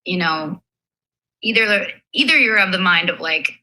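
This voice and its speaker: A woman's voice: fairly low pitch, expressive, unhurried, pushed and bright, rough recording. A woman on a podcast, explaining her views thoughtfully and carefully. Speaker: podcast guest. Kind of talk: reflective podcast talk.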